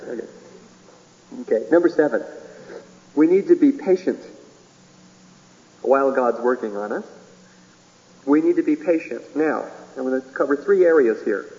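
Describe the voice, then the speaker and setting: Folksy preacher with a mellow voice. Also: male voice, medium pitch, big-room sound, highs cut off. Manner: folksy, chuckling, acts out little dialogues. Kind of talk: sermon.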